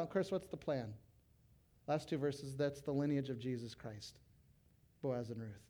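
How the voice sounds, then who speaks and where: A middle-aged male pastor preaching to fellow pastors, animated, breaking into loud acted quotes. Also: mid-range voice, moderate pace. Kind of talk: sermon to pastors.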